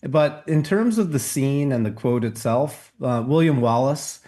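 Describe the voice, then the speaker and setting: A man, a founder and coach guest on a radio show, explaining his point in an earnest, measured way. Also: mid-range voice, lively intonation, warm tone. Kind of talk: interview talk.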